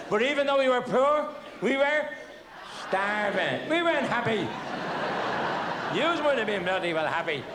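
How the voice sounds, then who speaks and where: A man's voice: very high voice, big pitch swings, slow, pauses often, a crowd in the background. A man telling comic childhood stories on stage, with a stammering, mock-innocent delivery. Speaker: stand-up comedian. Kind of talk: stand-up storytelling. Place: theatre stage. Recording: noisy old VHS tape.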